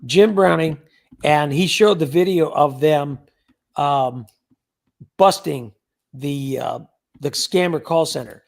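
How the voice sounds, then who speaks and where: A man with a high voice and a gravelly, creaky texture hosts a relaxed livestream. He chats loosely and reads out viewers' names as he goes. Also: slow pace, pauses often. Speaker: livestream host. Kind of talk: casual livestream chat.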